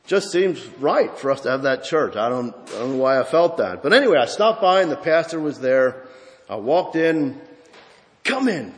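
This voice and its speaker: A man giving a sermon as pastor, his mid-pitched voice ringing through a church hall with a long reverb. He tells his story with frequent restarts, then presses his points home with rising emphasis. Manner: storytelling with many restarts, building to emphatic preaching.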